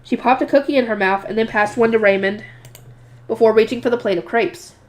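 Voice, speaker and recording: Woman, fairly high voice, casual reading of a novel, corrects slips. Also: a little fast. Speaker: reader.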